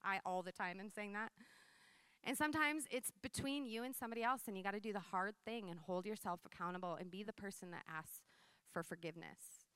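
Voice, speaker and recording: Woman, 30s, sermon with personal story, conversational and lively; crisp, bright tone. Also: medium pitch, fairly quick, no room sound. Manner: conversational, animated storytelling with frequent "like" and laughs. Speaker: preacher.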